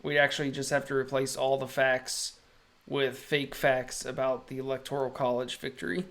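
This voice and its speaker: Streaming illustrator, mid-pitched and a bit gravelly, deadpan jokes between drawing remarks. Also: moderate pace. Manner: wry, self-amused, joking often with laughs. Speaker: illustrator live-streaming work. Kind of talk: casual live-stream chat while drawing.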